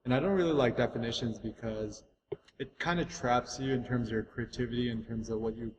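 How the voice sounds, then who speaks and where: An American man talks easily as an interview guest, shifting between upbeat enthusiasm and slower reflection. His voice sits at an ordinary pitch. The room around him rings with a long echo, over a faint hiss. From United States. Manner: enthusiastic, reflective, many "like" fillers. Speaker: guest photographer. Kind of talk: casual interview answers. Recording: echoey room with faint noise.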